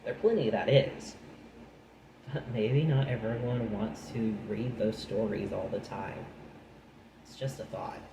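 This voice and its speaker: Low-voiced man reading a book in an echoey room. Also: unhurried, background noise. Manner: breaks off from reading into chatty, dry asides. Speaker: channel host reading a book aloud. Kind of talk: reading a nonfiction book aloud with casual commentary.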